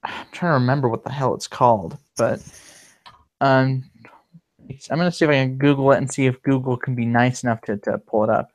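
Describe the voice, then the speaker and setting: A man's voice: mid-range voice, a little fast. A man hosting a casual livestream, rambling with many fillers and restarts. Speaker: livestream host.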